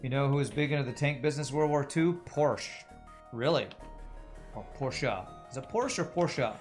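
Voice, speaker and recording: A man's voice: mid-range voice, fairly quick, soft background music. A man streaming a video game, musing aloud and chatting with his viewers. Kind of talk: casual gameplay commentary.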